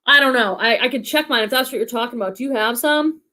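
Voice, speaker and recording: Quick-paced and a little high, her voice sounds pushed and bright, with a slight Boston accent. As a livestream host from the Boston area, she keeps the chat casual and upbeat, reading comments aloud.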